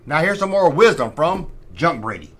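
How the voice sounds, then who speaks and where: Sarcastic, animated middle-aged man. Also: on the high side, normal speed, husky. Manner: sarcastic, rambling, mock-outraged asides. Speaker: host. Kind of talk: casual collector's show-and-tell.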